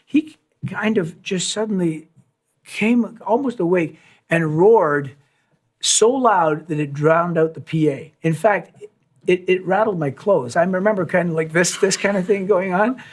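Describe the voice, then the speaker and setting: A man telling a long anecdote at a live session, acting out quoted lines and sound effects as he goes. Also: sits high. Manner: animated storyteller, acts out quotes and sounds. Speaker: musician telling a story.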